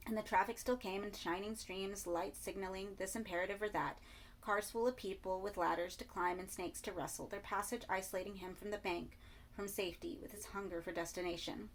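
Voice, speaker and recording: A woman narrating a horror story in a measured reading voice, sometimes dropping to soft asides. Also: mid-range voice, steady tone, a little hiss or hum. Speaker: audiobook reader.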